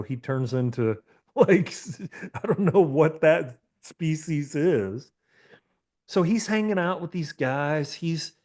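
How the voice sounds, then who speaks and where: A man's voice: medium pitch, darkish tone. A man in his fifties, a therapist guest on a podcast, telling stories casually with frank swearing and rambling restarts. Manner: profane, candid, rambling with restarts.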